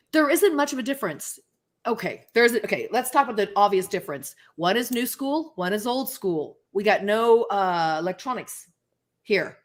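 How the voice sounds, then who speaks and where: A woman guest on a talk show who tells stories in a casual, animated way and acts out the voices of people she quotes. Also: mid-range voice. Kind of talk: casual interview storytelling.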